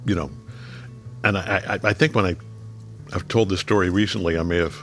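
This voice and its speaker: A man in his seventies chatting over a meal, telling relaxed stories that drop low and quiet when he reflects. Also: brisk, soft background music. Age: 70s. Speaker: guest. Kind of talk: casual chat over a meal.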